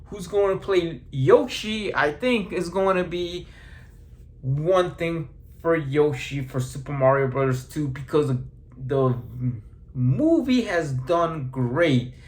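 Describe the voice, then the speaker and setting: A man giving a casual movie review, rambling and halting, with frequent restarts and fillers. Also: on the high side, animated, a little mellow.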